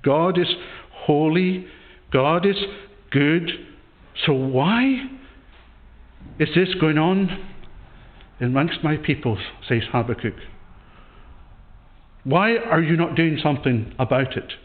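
A man delivers a sermon in a church, earnest and questioning, often restarting his phrases. His voice sits a little high. The sound is thin and tinny, like it came over a phone line. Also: slow pace, pauses often. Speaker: pastor.

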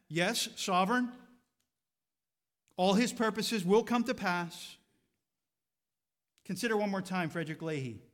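A man pastor preaching a sermon, asking rhetorical questions with rising fervor and then dropping to a quiet, reflective tone. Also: sits high. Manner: drops to a quiet, reflective tone at times.

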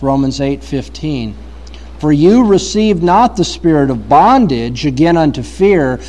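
High-voiced man preaching a sermon. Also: mellow, rough recording. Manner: emphatic preaching, rising in force on key points. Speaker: pastor.

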